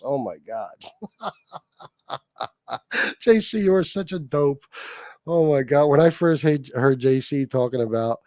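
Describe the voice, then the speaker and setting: A man's voice: mid-range voice, lively intonation, slow pace, long pauses, a little mellow, dry recording. A man hosting a livestream, ranting and mocking someone with lots of swearing and laughter. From Sicilian heritage. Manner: mocking, profane, laughing often. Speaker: livestream host.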